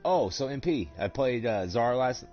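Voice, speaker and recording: A young man streaming a game from home, chatting casually and swearing a lot, laughing and working himself up into loud rants. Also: mid-range voice, moderate pace, soft background music. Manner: animated and profane, laughing, rising to loud excited rants. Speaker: gaming streamer. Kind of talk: casual chat while streaming. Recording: dull lo-fi stream audio.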